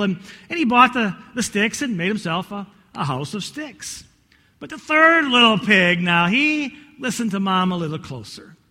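A male pastor preaching a sermon, telling a story in an animated, folksy way with many restarts, in a church. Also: high voice. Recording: echoey hall.

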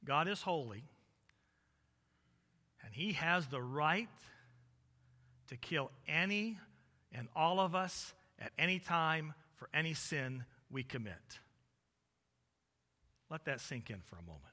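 A male preacher delivering a sermon, swinging between loud emphatic peaks and low quiet stretches in a repetitive preaching cadence. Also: lively intonation, a little slow, pauses often. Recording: long reverb of a large hall.

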